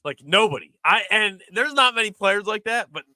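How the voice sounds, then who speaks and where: Man, podcast co-host, very bright tone, rambling and passionate, dry sound. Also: high-pitched, animated, normal speed, dry recording. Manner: passionate, rambling, heavy use of "like". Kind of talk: casual sports chat.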